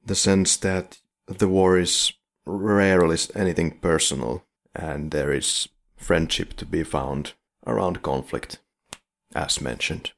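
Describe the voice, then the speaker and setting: Low gravelly-voiced man, wry podcast co-host. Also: fairly even intonation, measured pace. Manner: wry, leads the questions. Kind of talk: casual film review chat.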